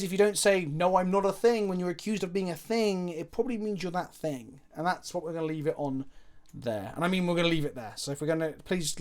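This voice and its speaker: A man streaming a card game live, chatting casually, swearing freely and answering viewers' chat as he plays. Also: on the high side.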